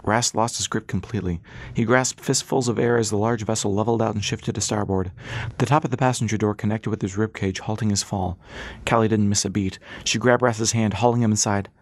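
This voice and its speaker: A man narrating an audiobook in a brisk, steady storytelling manner. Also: fairly low pitch, no room sound. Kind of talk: scripted narration.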